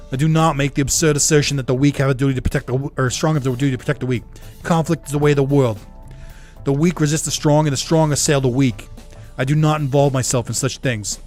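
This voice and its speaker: A man's voice: on the high side, a little mellow, natural voice. A man putting on a haughty demon lord with a Boston accent. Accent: put-on Boston. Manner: stiff, formal, contemptuous. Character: proud stern male demon lord, haughty and formal.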